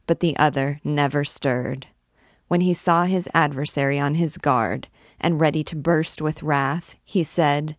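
Slow, low-voiced woman reading a novel. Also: fairly even intonation, no room sound, studio quality. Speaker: host reading a classic novel aloud. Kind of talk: reading aloud a classic novel.

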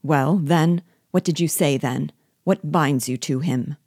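A woman's voice: low voice, takes it slowly, darkish tone, husky, no room sound, studio quality, full character voice. A woman reading as an indignant, loyal young hero. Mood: urgent. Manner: urgent, indignant questioning. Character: passionate young man, loyal rescuer, quick to anger.

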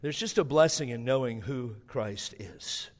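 A man preaching a sermon, telling a story with animation and slowing down hard on the words he wants to stress. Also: medium pitch, long reverb tail.

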